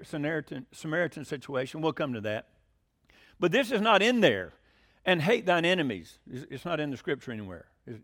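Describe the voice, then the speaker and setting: A middle-aged man preaching a sermon, swinging between loud emphatic declarations and quiet conversational asides, often questioning the congregation. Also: high voice.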